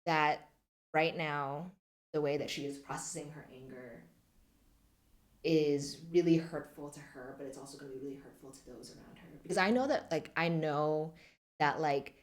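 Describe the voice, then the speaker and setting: A woman in her twenties, a podcast guest, talking reflectively and softly with many fillers. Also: low-pitched, normal speed. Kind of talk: podcast interview.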